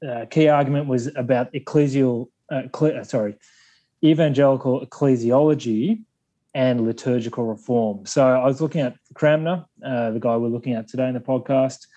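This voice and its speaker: A man's voice: mid-range voice, moderate pace, mellow, low-quality recording. A man in his thirties from Australia with an Australian accent, a podcast guest talking thoughtfully with many fillers and restarts. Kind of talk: casual podcast chat.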